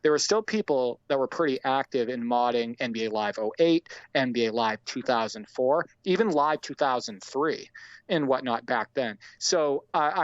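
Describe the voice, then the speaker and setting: A man's voice: medium pitch, clean tone, no echo. A man co-hosting a podcast in casual chat, rambling with lots of fillers. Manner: rambling, many fillers like "and whatnot". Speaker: podcast co-host. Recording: slightly dull lo-fi mic.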